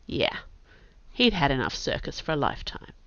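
Brief: woman audiobook narrator, brisk and gritty; dry, lo-fi recording. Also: low-pitched, big pitch swings, fairly bright tone, dry recording. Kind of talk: scripted narration.

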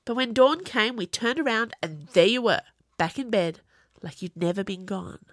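A woman's voice: mid-range voice, lively intonation, normal speed, dry recording, clean studio sound, voice pushed up, lightly acted. A woman reading as a fierce, worried young woman who insists and demands answers.

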